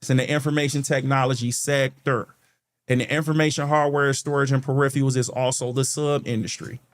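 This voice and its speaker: A stock market channel host with a medium-pitched voice delivers a flat but fairly quick screen-share tutorial. He chats through the charts for viewers, whom he calls "guys", often pausing on an "okay" to check in.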